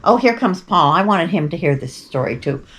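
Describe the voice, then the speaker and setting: A woman's voice: fairly low pitch, lively intonation, normal speed, a bit bright. An older woman hosting a show, telling rambling, chatty stories with wry asides and frequent digressions. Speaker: podcast host. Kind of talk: rambling casual storytelling.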